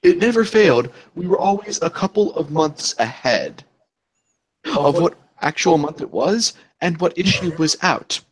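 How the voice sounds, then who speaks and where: Animated man telling a funny story. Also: measured pace, husky, dry recording. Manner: animated storyteller, swears casually, pitch jumps up on punchlines. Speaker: podcast host. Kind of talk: casual podcast chat.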